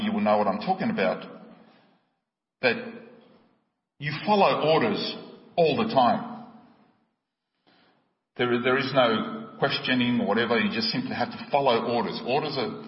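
A man preaching a sermon, impassioned and driving home his questions. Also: medium pitch. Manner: impassioned, rising to emphatic questions. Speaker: pastor. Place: church hall. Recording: echoey hall, distant mic, dull sound.

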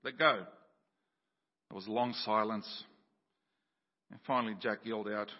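A male preacher giving a sermon, telling a story and explaining scripture, dropping quieter and slower on key words. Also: lowish voice, flat delivery. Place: church. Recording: dull sound with long church reverb.

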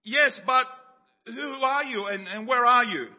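Preacher putting on a panicky guy hanging off a cliff, voice way up high, dull sound in a big echoey church. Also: a little slow. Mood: desperate pleading. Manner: panicked yelling and pleading, voice pitched up. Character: desperate man hanging from a cliff.

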